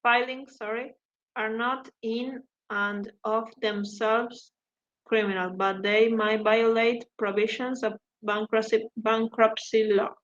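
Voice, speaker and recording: A woman student reads a passage aloud in an online class, carefully, sometimes tripping and correcting herself. Her voice sits slightly high. The call audio is dull, with a faint noise behind it. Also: flat delivery, takes it slowly. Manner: careful reading, stumbles and self-corrects. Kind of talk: reading a text aloud in class. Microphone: video call.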